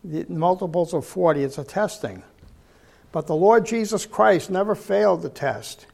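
A man's voice: sits high, normal speed, creaky, darkish tone. An older man preaching a sermon, telling folksy stories and repeating words for emphasis.

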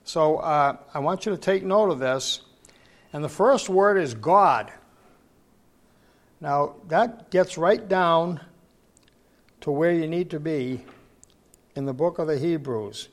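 A man teaching a Bible study to a gathered group in an informal sermon. He tells stories in a rambling way with many restarts, and reads scripture slowly and with emphasis. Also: fairly high pitch, animated. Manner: slow, emphatic scripture reading. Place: church gathering, in person.

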